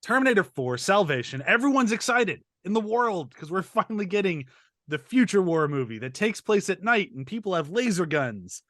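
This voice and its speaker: Guy in his 30s hosting a podcast, kinda high voice, jokey and rambly, dead dry sound. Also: sing-song, normal speed, fairly bright tone, dry recording. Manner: joking, rambling, laughs often. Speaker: podcast host. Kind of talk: casual podcast chat.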